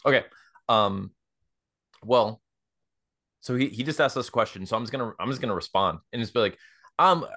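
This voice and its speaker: A man's voice: medium pitch, expressive, normal speed, long pauses, bright, forceful tone. A man playing a tabletop role-playing game, talking in hesitant bursts with many restarts. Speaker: player. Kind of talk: casual tabletop play.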